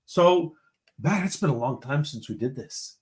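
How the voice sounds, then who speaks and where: A man's voice: a little high, expressive, measured pace. A man hosting a casual live-stream show from home, cheerfully greeting chat viewers one after another. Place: home room with a computer.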